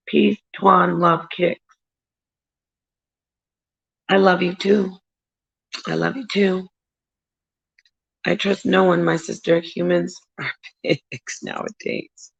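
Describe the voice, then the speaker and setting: Slow gravelly-voiced woman livestreaming. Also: fairly low pitch, highs cut off. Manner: rambling, emphatic, greets viewers by name. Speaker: livestream host reading viewer chat. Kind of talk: casual livestream chat.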